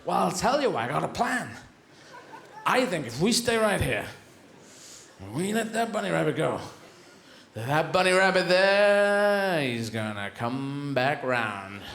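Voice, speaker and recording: A man's voice: high voice, very animated, normal speed, vocal fry, long pauses, full character voice. A man voicing a scheming male dog who whispers a plan to the pack, in a live stand-up show. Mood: plotting. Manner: conspiratorial, hushed planning. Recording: echoey theatre with loud audience.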